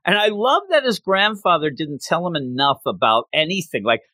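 Animated man joking through a recap. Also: on the high side, normal speed, dry recording. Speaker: podcast co-host. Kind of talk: casual recap of a cartoon episode.

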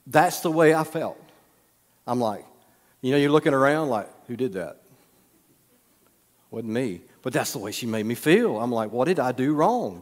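A man preaching as a pastor, telling a story in a casual sermon and teasing the congregation with questions. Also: medium pitch. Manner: conversational, teasing the audience with questions. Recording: long reverb of a hall.

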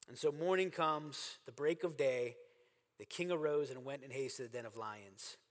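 A man's voice: mid-range voice, moderate pace, big-room sound. A man preaching a sermon as pastor, earnest and emphatic, repeating phrases for stress. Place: church sanctuary.

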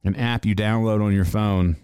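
A man's voice: lowish voice, steady tone, moderate pace, a little mellow, smooth, no room sound, studio quality. A man co-hosting a podcast in casual chat, joking around with crude, absurd banter. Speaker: podcast co-host.

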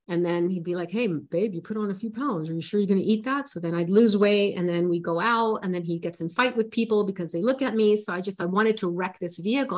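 In an interview, a life coach in her forties with a fairly low voice shares her personal story with earnest feeling. Emotion makes her stumble and restart her sentences often.

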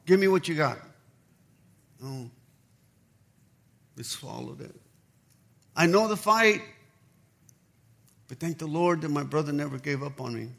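Pastor, man, high voice, energetic storyteller who plays out the dialogue in his sermon. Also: unhurried, creaky, long pauses. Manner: animated storytelling, acts out quoted dialogue.

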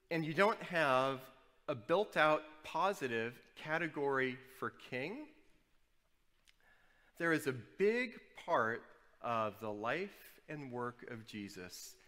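Animated preacher man in a hall. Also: mid-range voice. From New Orleans, USA. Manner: animated storytelling, wry asides. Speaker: pastor. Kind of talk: sermon.

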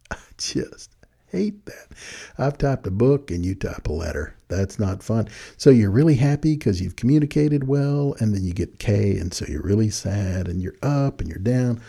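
Older man with a gravelly dark voice. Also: fairly low pitch, normal speed, few pauses. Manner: folksy, animated storytelling. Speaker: speaker giving advice to young people. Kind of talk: casual talk.

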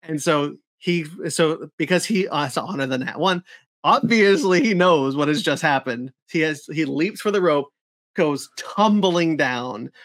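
A man's voice: a little high, expressive, measured pace, fairly bright tone, no room sound. Give me an enthusiastic man rambling in casual podcast chat, close and dry. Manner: enthusiastic, rambling with many fillers. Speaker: podcast co-host.

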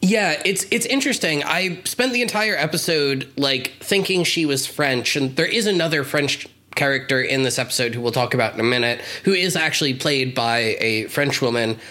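A man co-hosting a podcast, chatting casually, often with quick reactions and musing asides. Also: medium pitch, lively intonation, sharp tone. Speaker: podcast co-host. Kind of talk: casual chat.

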